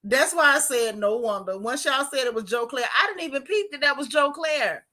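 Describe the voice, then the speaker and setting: A woman hosts her own channel, gossiping casually and exclaiming in disbelief. Her voice sits fairly high and comes across bright and forceful. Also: normal speed. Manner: sassy, animated, exclaiming. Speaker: YouTube commentator.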